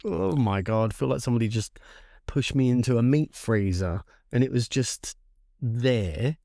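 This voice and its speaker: A young man co-hosting a podcast has a creaky, medium-pitched voice at normal speed, recorded cleanly in a studio with no room sound. He's an animated storyteller in casual chat, swearing a lot and acting out the voices of the people involved.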